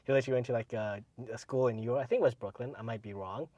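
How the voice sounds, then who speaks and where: A man's voice: medium pitch, rapid-fire, no echo, lo-fi sound. Rambling male podcast co-host. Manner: rambling, many "like"s, trailing off quietly. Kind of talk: casual podcast chat.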